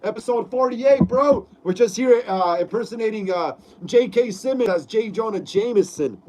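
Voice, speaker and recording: High-voiced rambling male streamer. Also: moderate pace, a little mellow, poor audio. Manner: rambling, repeats words, reads chat aloud. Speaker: host. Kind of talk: casual live-stream chat.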